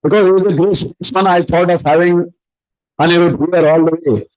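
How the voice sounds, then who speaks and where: A man's voice: high voice, steady tone, fairly quick, darkish tone, low-quality recording. A man acting as emcee, introducing speakers at a community event in a rambling way with many fillers.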